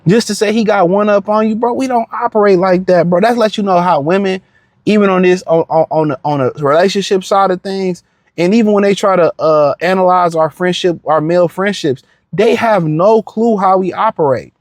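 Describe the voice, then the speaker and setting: A man's voice: high-pitched, fairly even intonation, a little fast, dry recording, clean studio sound. A man giving a blunt, profane reaction rant, full of slang, repeated words and fillers. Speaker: commentator reacting to a clip.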